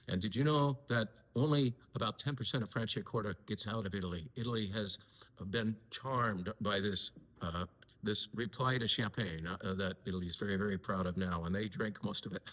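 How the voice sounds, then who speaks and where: A man's voice: lowish voice, a bit bright, long reverb tail. A man hosting a casual talk to camera from a wine shop, chatty, with many fillers and self-corrections.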